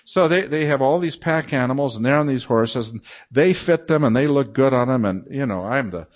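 An older man delivers a storytelling sermon in a chatty, self-mocking way. His voice sits at a middling pitch but leaps around expressively. The recording is a bit dull and lo-fi. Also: lively intonation, a little fast. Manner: chatty, self-mocking, acts out moans and laughs. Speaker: guest preacher and Bible teacher.

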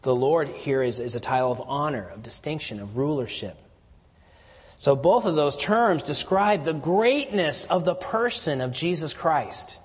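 Husky-voiced preacher in a reverberant hall. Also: male voice, expressive, a little slow. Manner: teaching verse by verse, rising to emphatic declarations then dropping low. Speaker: pastor. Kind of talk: expository sermon.

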